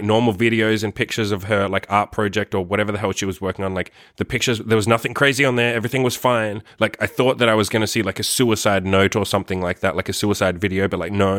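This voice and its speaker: A man's voice: fairly low pitch, a bit bright, no room sound, clean studio sound. A man vlogging a story in a casual, rambling way, swearing often and filling his talk with "like". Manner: rambling, profane, heavy use of "like".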